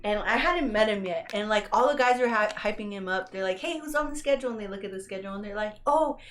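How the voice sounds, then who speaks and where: A woman's voice: medium pitch, steady tone, fast talker, fairly bright tone, slight background noise. A young woman co-hosting a podcast, telling a story in casual chat and acting out the lines she quotes. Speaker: podcast co-host.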